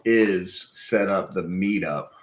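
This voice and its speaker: A man's voice: low-pitched, slow pace, a little hiss or hum. A man in his forties in casual chat, with a dry, joking manner. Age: 40s.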